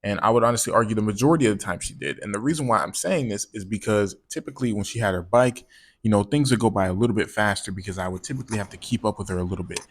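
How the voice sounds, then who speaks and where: Guy with a lowish voice ranting thru a storytime, lots of slang and swearing, keeps repeating himself. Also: very fast. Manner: slangy and profane, rambling with repeated words. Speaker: vlogger telling a personal story. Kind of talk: casual storytime monologue.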